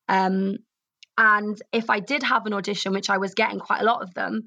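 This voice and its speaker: A young Welsh actress being interviewed, talking earnestly and openly, repeating herself for emphasis. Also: female voice, mid-range voice, a bit bright, no room sound, highs cut off. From Wales. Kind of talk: candid interview.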